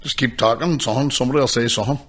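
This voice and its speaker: A man's voice: mid-range voice, racing, a bit bright, husky. A young man, a stand-up comedian swearing and rambling through stories in casual podcast chat.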